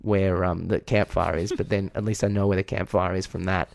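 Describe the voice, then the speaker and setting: A man's voice: sits low, little pitch movement, brisk, vocal fry, no room sound. A man with an Australian accent, co-hosting a podcast and telling a long story in a candid, profane, self-deprecating way. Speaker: podcast co-host. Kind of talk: casual chat, storytelling.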